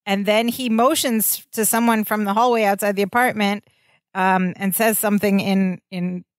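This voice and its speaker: A woman's voice: medium pitch, normal speed, no room sound, studio quality. A woman co-hosting a podcast, casually retelling an episode and quoting the characters. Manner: animated retelling, quotes characters. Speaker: podcast co-host. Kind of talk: casual recap chat.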